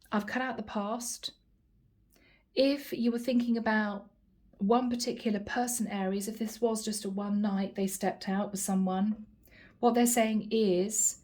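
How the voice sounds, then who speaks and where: Mellow-voiced woman reading tarot cards. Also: fairly high pitch, fairly even intonation, a little slow. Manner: earnest, addresses viewers as guys. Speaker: tarot card reader.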